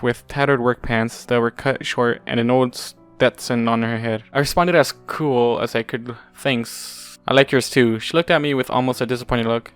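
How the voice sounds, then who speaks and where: A man's voice: medium pitch, clean tone. Offhand man reading a story aloud. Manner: offhand, unpolished, leaves in slips and restarts. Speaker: fanfiction reader. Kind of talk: casual first-person story reading.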